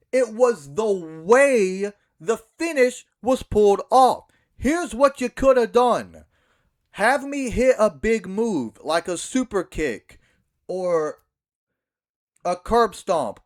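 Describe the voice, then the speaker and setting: A young man ranting to camera about a wrestling match finish, swearing and acting out the scene in mocking mimicry. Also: high voice. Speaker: backyard wrestler. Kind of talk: ranting vlog monologue.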